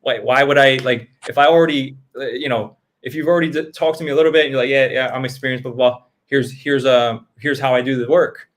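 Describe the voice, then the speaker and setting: A man's voice: mid-range voice, fairly even intonation, quick pace, few pauses. A man giving blunt, profane business advice in casual chat, acting out customers' quotes as he goes.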